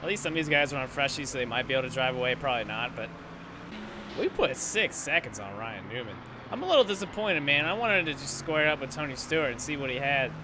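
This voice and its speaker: A young man giving casual, rambling gameplay commentary, sarcastic and quick to swear when frustrated. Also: mid-range voice, expressive. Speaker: gaming YouTuber. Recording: loud engine noise behind voice. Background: game engine noise.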